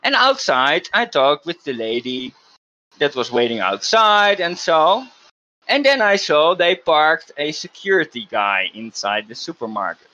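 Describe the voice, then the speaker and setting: Man, podcast host, lively swinging pitch, slightly dull lo-fi audio, emphatic storytelling with restarts. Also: measured pace.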